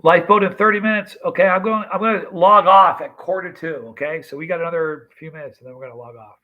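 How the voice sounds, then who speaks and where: A man's voice: sits high, quick pace, muffled recording. A man in his fifties casually chatting on a livestream, greeting viewers by name and telling stories. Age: 50s. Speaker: livestream host.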